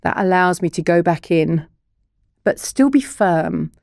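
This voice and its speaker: A woman's voice: fairly low pitch, expressive, measured pace, vocal fry, darkish tone, no room sound, studio quality. A middle-aged woman, a child therapist and broadcaster, explaining things earnestly as a guest in a podcast interview. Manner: earnest, explanatory, science-minded.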